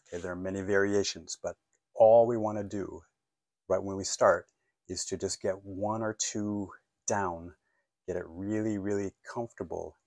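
A man with a very low voice leads an online English lesson on phone calls. He is encouraging and repeats key words, checking in with his learners often. The sound is close and dry, with no room echo. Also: gravelly. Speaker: English teacher.

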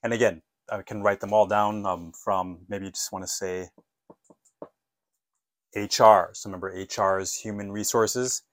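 A man teaching an English lesson, modeling phone phrases clearly and patiently asking listeners to repeat after him. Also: lowish voice, steady tone, normal speed, no echo.

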